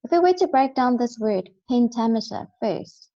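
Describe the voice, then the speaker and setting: A woman's voice: a little high, expressive, normal speed, dark tone, dull audio. A woman teaching a recorded lesson, explaining step by step and often checking in with "right?".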